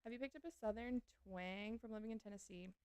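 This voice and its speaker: A woman talking her way through a live game stream, chatty and easygoing as she answers chat between tasks. Her voice sits at an ordinary middle pitch, with a faint hiss behind it. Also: quick pace. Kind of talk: casual live-stream chat while gaming.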